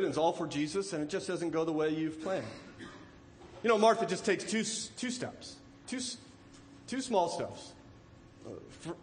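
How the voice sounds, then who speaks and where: A man preaching a sermon, animated, acting out the lines of the people in the story and asking rhetorical questions. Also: on the high side, roomy sound, a little hiss or hum. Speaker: pastor.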